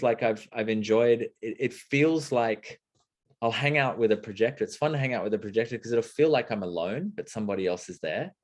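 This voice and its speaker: Guest, man, low voice, lively storyteller who acts out quoted bits. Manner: expressive, acts out little quoted exchanges. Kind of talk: casual conversation.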